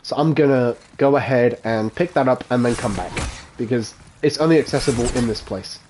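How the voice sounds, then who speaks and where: A man's voice: medium pitch, fairly quick, noisy background. A man chatting casually while live-streaming a game, laughing often and swearing offhandedly. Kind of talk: casual live gameplay commentary.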